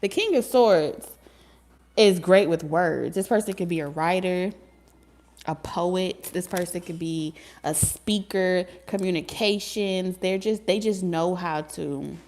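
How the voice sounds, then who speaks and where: A woman with a somewhat low voice gives a casual tarot reading. She talks in a lively, teasing way, laughs often and swears freely. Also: slow. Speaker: tarot reader.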